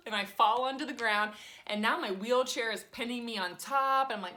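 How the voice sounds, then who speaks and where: A woman's voice: a little high, a little fast. Chatty woman telling her story. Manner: chatty, animated, acts out voices in her stories. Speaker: teacher. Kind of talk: casual personal storytelling. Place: cozy home cottage.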